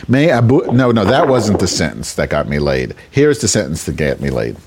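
A man's voice: deep voice, very animated, moderate pace, noisy background. A man hosting a show, telling a raunchy comic story in a rambling, self-interrupting way. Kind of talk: crude comedic storytelling.

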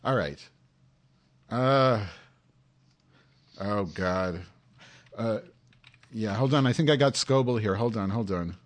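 A man hosting a comedic live stream, excitable, sarcastic and rambling, talking into a headset mic. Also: fairly low pitch, takes it slowly, long pauses, a little hiss or hum. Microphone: headphones with mic.

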